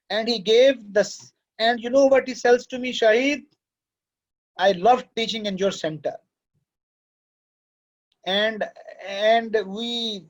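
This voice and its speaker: The recording is lo-fi, capturing a very high-pitched man lecturing a class. He is the course director, addressing students in a fatherly manner and slipping into Urdu at times.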